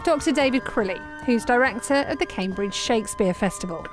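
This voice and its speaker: A woman presenter giving a reflective, measured scripted narration. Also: a little high, expressive, low-quality recording. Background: music.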